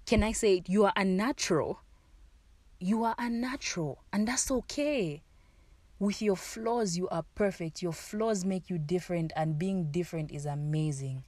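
A young woman talks to her listeners in a casual, heartfelt monologue, earnest and encouraging, often repeating a phrase to drive it home. Her voice sits a little low and sounds warm and mellow. The sound is dry and close, with no room in it. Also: normal speed, no echo. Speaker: podcast host.

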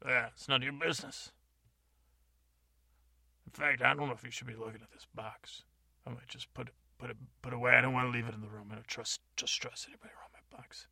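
A man's voice: mid-range voice, level tone, quick pace, creaky, sharp tone, no room sound, clean studio sound, exaggerated voice. A man voicing a bossy, pompous old-time man who guards a box and acts like an official inspector. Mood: secretive.

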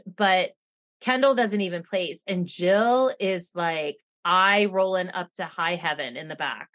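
A woman's voice: mid-range voice, slow pace, a bit bright. A young adult woman co-hosting a podcast, chatting casually with blunt remarks, swearing and laughing often. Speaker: podcast co-host. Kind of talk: casual recap chat.

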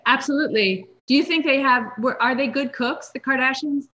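A middle-aged woman hosting a casual interview in a kitchen, friendly and quick to laugh along. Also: high-pitched, sharp tone. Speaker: podcast host. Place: home kitchen. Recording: dull lo-fi sound.

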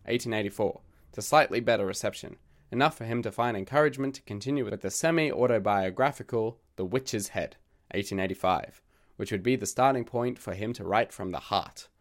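A man with a lowish, croaky voice narrates a literature podcast. He reads from a script and breaks it up with wry asides. His voice sounds worn from a recent illness.

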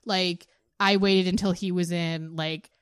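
A woman's voice: on the low side, fairly even intonation, unhurried, clean tone, dry recording. A woman in her thirties telling stories in casual chat as a podcast co-host, laughing often and acting out quotes. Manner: chatty storyteller, laughs often, acts out quotes.

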